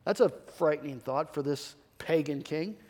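A man's voice: a little high, moderate pace, darkish tone, long reverb tail. A male pastor preaching a sermon in an earnest way, often repeating key phrases and restarting his sentences.

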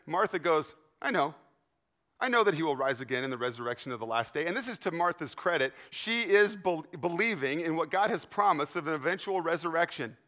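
A male pastor preaching a sermon to his church, earnest and emphatic, often dropping to a hushed, soft delivery. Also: a little high.

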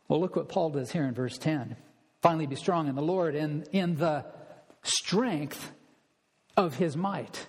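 A man's voice: on the high side, in a large hall. A man preaching an expository sermon as a pastor, emphatic and stressing his points through repetition.

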